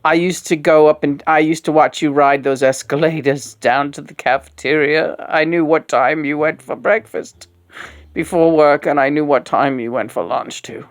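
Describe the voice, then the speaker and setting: A woman's voice: low voice, fairly even intonation, normal speed. A woman in her sixties, a host of a puppet show, talking in a frank, rambling, casual way, full of fillers and swearing. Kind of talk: casual candid conversation.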